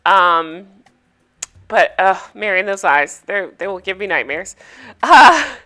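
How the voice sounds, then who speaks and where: A woman's voice: mid-range voice, very animated, slow, sharp tone. A woman hosting a casual recap vlog, chatty and opinionated, sharing gossipy takes. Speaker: reality TV recap host.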